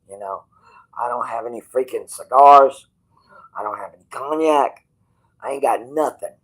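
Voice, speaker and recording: Brief: a plain-voiced man in a hospital bed, blunt and cussing, swinging between quiet musing and loud defiance. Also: medium pitch, normal speed, long pauses, poor audio. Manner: blunt, profane and stubborn. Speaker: streamer. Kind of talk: rambling livestream talk.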